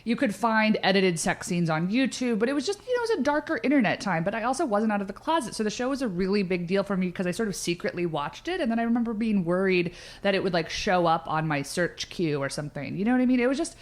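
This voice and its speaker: A woman co-hosting a podcast, chatting casually with quick, jokey asides. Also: mid-range voice, big pitch swings. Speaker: podcast co-host. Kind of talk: casual chat.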